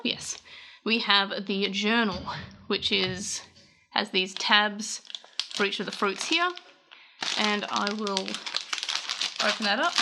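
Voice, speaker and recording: A woman's voice: mid-range voice, heavy background noise. An Australian woman talking casually through an unboxing for her vlog, rambling a little and correcting herself as she goes. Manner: rambling, self-correcting, chatty. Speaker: vlogger.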